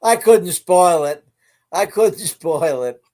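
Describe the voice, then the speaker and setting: A man's voice: high-pitched, expressive, slow pace, mellow. A man co-hosting a humor show, delivering dry punning one-liners. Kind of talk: casual joke-telling chat.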